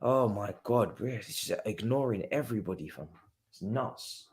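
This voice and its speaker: A young man doing live football watchalong commentary, chatty and slangy, shouting at the players. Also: lowish voice, moderate pace. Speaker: watchalong streamer.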